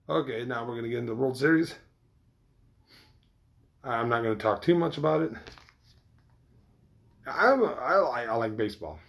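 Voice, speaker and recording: A man's voice: mid-range voice, wildly swooping pitch, measured pace, gravelly, long pauses, sharp tone. A man chatting casually to his viewers, rambling, swearing freely and restarting his sentences often. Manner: rambling, loose and profane, with many restarts. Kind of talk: casual chat.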